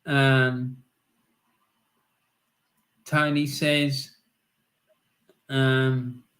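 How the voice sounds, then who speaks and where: A man's voice: medium pitch, flat delivery, drawn-out words, fairly bright tone. A middle-aged man hosting a casual live stream, reading out chat comments in a chatty way with lots of ums, frequent laughs and "mate".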